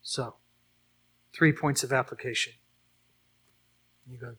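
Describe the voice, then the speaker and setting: A man's voice: mid-range voice, steady tone, takes it slowly, bright, forceful tone, breathy edge. A man preaching a sermon and leading a closing prayer, earnest and building to emphatic repeated questions. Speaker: pastor.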